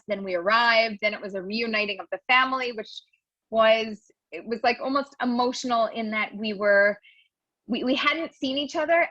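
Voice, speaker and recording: A woman in her forties chatting in an interview, telling animated stories and acting out quotes. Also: medium pitch, no room sound. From United States. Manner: animated storyteller, acts out quotes. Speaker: guest, new immigrant. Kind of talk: casual interview chat. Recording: dull dry lo-fi sound.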